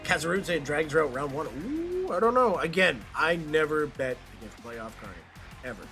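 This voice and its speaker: A man doing lively play-by-play on a live stream, joking and reading out viewer messages. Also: fairly high pitch, normal speed. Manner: upbeat, jokey, reads chat aloud. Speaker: play-by-play caster. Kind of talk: live stream game commentary. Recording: stream mic with game music behind.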